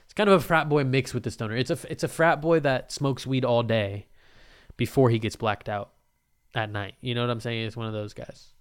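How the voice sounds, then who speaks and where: A young podcast host delivers a casual solo monologue, talking a little fast in a clear, resonant mid-range voice with fairly even intonation. He rambles into the microphone, swears freely, keeps it laid-back and laughs often.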